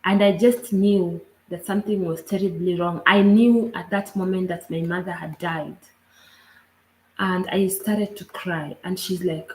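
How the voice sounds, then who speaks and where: A woman with a Kenyan accent telling a personal story earnestly, in a halting way with frequent asides. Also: fairly low pitch, steady tone, a little mellow. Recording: roomy echo.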